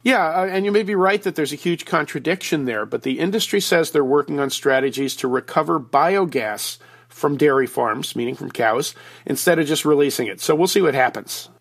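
A man's voice: a little high, brisk. A man who is a regular guest commentator on a radio show, explaining news items over a phone line in a folksy, joking way. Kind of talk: conversational explainer.

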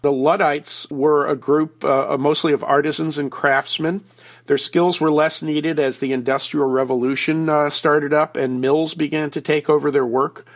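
A man's voice: fairly high pitch, level tone, moderate pace. A man who is a regular guest commentator on a radio show, explaining news items over a phone line in a folksy, joking way. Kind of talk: conversational explainer.

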